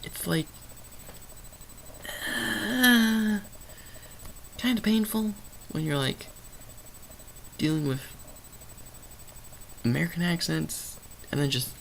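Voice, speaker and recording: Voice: medium pitch, vocal fry, a little hiss or hum, low-quality recording. A movie reviewer rambling through an unscripted review in a loose, stream-of-consciousness way, full of fillers and restarts.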